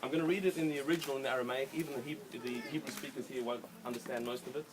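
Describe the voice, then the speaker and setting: A man's voice: mid-range voice, steady tone, very fast, poor audio. A man officiating a wedding ceremony, explaining the rites in plain words and chanting blessings. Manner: explains warmly and plainly, then chants Hebrew prayers. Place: outdoor wedding ceremony with guests. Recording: loud crowd of guests. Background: crowd of wedding guests.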